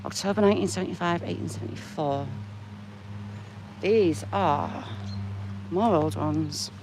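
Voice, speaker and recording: A woman's voice: low voice, measured pace, noisy background. A woman walks through a churchyard on a casual vlog, chatting playfully and reading old headstones aloud. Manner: chatty and playful, jokingly greeting the graves. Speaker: vlogger giving a walking tour. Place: outdoors in a churchyard among trees.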